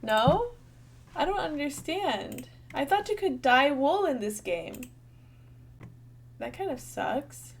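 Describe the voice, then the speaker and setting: A woman's voice: high-pitched, big pitch swings, slow, long pauses, slight background noise. A young woman giving casual, bubbly gameplay commentary, thinking aloud and chatting to her viewers. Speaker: gaming channel host.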